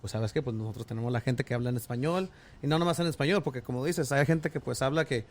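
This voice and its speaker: A man's voice: mid-range voice, racing. Bilingual man hosting, laughing easily. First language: Spanish. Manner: laughs often, switches between English and Spanish. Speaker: podcast host. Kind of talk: casual chat.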